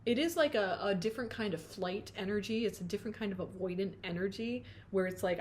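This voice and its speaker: A woman talks through a tarot reading in a loose, chatty way, reading out card meanings and then riffing on them. She's playful and quick to laugh at herself, now and then drifting into a few sung notes. A faint hiss sits beneath her voice. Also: mid-range voice, a little mellow. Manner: chatty, self-interrupting, sings snatches of song.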